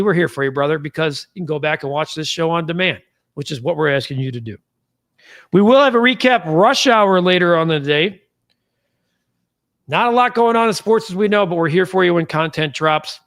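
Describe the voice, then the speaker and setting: A man hosting a sports talk show, chatting casually and giving upbeat shout-outs to viewers by name. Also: sits high. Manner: folksy betting talk. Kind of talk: casual live-show sign-off, reading out viewer comments.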